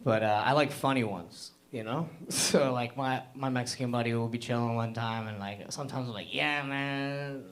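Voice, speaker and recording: A man's voice: mid-range voice, steady tone, a little fast, few pauses. A young man from Hamilton, Canada, doing a loose, rambling open-mic stand-up set full of fillers and self-deprecating asides. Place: comedy club stage.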